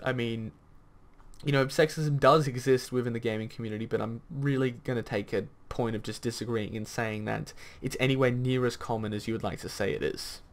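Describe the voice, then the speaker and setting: A man's voice: medium pitch, fairly bright tone. Blunt, rambling male gaming commentator. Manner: blunt, argumentative, swearing; rambling with many fillers. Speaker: commentary video host. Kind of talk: reaction commentary rant.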